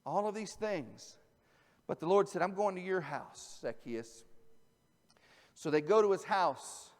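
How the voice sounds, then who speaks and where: A man, a pastor, preaching a conversational sermon that moves from quiet asides to loud emphasis. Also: high-pitched, expressive, a little slow. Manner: conversational, swings from soft asides to shouted emphasis. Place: church sanctuary. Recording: church hall with long reverb.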